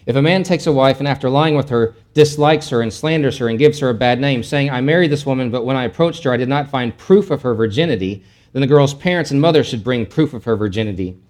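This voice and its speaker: A middle-aged man giving a Bible teaching in a loose, conversational way. He explains as he goes, doubles back on his words and adds offhand asides. His voice sits at an ordinary pitch for a man. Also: quick pace, a little mellow. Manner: casual and explanatory, with frequent restarts and asides.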